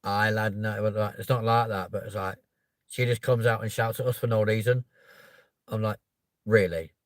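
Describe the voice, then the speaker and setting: A man with a London accent tells a story in casual chat, his voice leaping up high and loud whenever he quotes himself. He swears freely and keeps checking in with "right?" and "yeah?". The sound is close and dry. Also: moderate pace, no room sound. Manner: animated, voice jumps up when quoting himself. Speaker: podcast host.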